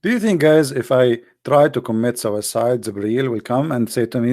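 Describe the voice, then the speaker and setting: A man's voice: medium pitch, normal speed, a little mellow. A man hosting a livestream, talking casually and mockingly to his live chat and asking it rhetorical questions. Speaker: host of a livestream.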